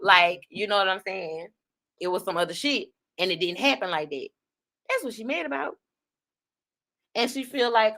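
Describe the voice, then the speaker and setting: A woman hosting an online talk show, giving blunt, profane commentary on online drama in a casual, fast-talking way. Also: medium pitch, lively intonation, pushed and bright. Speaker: online radio host.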